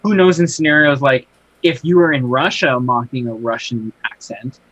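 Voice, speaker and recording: A man moderating a casual podcast, speaking in a measured, hedging way and circling back as he thinks. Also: mid-range voice, steady tone, fairly bright tone, dry recording. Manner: measured, hedging, restarts a lot. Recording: dull, dry lo-fi podcast recording.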